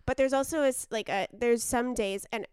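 A woman's voice: a little high, fairly quick, a little mellow, clear, resonant tone, no echo, clean studio sound. A woman in her late twenties co-hosting a podcast, candid and swearing as she vents about running a business. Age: 20s. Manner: candid, swears when venting. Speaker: podcast co-host, small business owner. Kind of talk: casual podcast chat.

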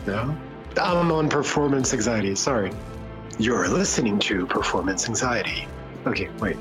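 A man's voice: on the low side, animated, normal speed, over music, low-quality recording. A man from Lebanon with a Lebanese accent, a guest chatting casually on a walk outdoors, rambling, laughing and fumbling over his words. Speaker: guest musician. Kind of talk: casual conversation. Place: outdoors, walking in the countryside.

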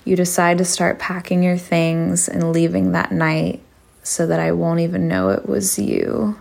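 A woman narrates an intimate erotic story at an unhurried crawl, her low voice thick with gravelly fry. She stays hushed and sultry and slips into whispers. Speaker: podcast host.

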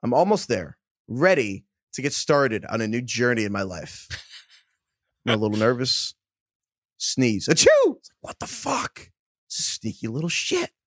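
A man's voice: mid-range voice, measured pace, no room sound, clean studio sound. A man co-hosting a podcast, reading listener emails aloud and acting out the quoted lines. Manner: animated storytelling, acts out quoted lines.

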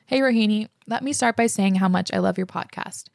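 Reading out listener letters on her podcast, she reacts enthusiastically and curses freely as she discusses them. She speaks fairly quickly in a mid-range voice marked by vocal fry and a darkish tone.

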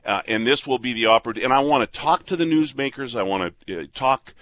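A radio host from Canada in his fifties, speaking in a plain middle-pitched voice. He talks earnestly and rambles, restarting his sentences often. The sound is that of a studio. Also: brisk, a bit bright. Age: 50s. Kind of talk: casual on-air chat.

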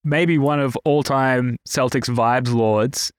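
A man hosting a sports podcast in casual chat, animated and a bit self-aware. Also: medium pitch, slow, no room sound, clean studio sound. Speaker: podcast host.

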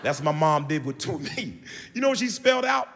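High, animated man doing stand-up. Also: brisk, creaky, slight background noise. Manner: loud, animated, jumps to high shouts. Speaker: stand-up comedian. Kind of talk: stand-up comedy set. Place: large comedy venue on stage. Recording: live show in a hall with audience.

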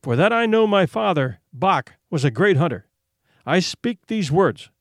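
Storybook boy hunter, proud and solemn as a male narrator reads him, in a lively, fairly high voice, dry close sound. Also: measured pace, no room sound, heavily acted. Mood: solemn defiant. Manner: formal old-fashioned solemn speech.

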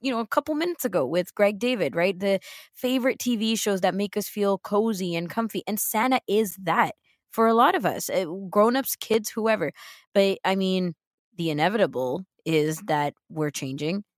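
A woman's voice: medium pitch, moderate pace, dry recording, clean studio sound. A woman co-hosting a talk show, upbeat and emphatic, often checking in with "right?" as she talks. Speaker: co-host. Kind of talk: casual chat.

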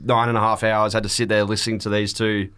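A man's voice: on the low side, level tone, quick pace, fairly bright tone, clean tone. A man guesting on a podcast, telling stories in a dry, wry way. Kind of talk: casual storytelling.

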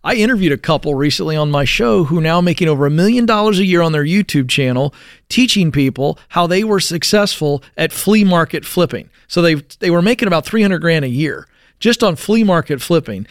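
A man's voice: on the high side, lively intonation, fairly quick, no room sound, clean studio sound. A man co-hosting a radio show, mostly chiming in with short, agreeable replies and then telling a brief story of his own. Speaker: radio co-host. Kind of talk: casual radio talk. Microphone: studio microphone.

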